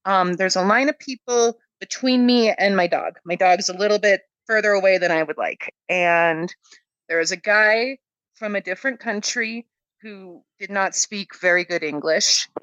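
A woman's voice: mid-range voice, normal speed, fairly bright tone, no room sound, highs cut off. A woman comedian telling a casual story, rambling and hesitant, with frequent ums and laughs. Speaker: comedian guest.

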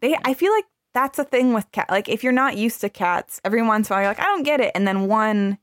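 Woman podcast host, curious and chatty, animated intonation, dry recording. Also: fairly high pitch, no room sound. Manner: curious, quick to react and laugh. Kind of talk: casual chat.

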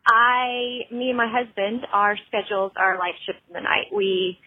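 A woman's voice: on the high side, fairly even intonation, normal speed, breathy edge, no room sound. A woman in her thirties, a working mom, leaving a candid, slightly sheepish voicemail for the show. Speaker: caller. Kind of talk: recorded voicemail. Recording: tinny phone line.

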